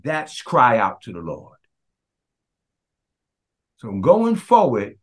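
A man, a pastor preaching a sermon, who prays in a hushed voice and then preaches with passion, often calling out to his congregation. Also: mid-range voice, huge pitch swings, slow, pauses often. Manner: impassioned preaching that turns to the congregation; hushed, prayerful delivery.

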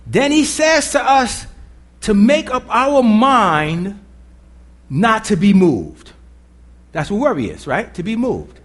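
A man preaching a sermon as pastor, emphatic and preacherly, calling on the congregation to respond and sometimes dropping to a low, intense murmur. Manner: drops to a low intense murmur during prayer.

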